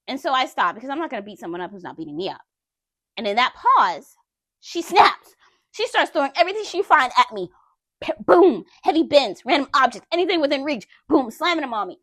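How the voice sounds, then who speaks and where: Candid woman telling her story, higher voice. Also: sing-song, fairly quick, a bit bright, dry recording, studio quality. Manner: candid, conversational, addresses viewers directly. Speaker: vlogger. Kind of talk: personal storytelling vlog.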